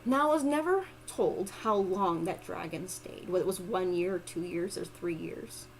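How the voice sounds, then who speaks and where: A woman telling a folk tale aloud, expressive and lively. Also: lowish voice, normal speed, a little hiss or hum, poor audio. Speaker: storyteller. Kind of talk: oral storytelling.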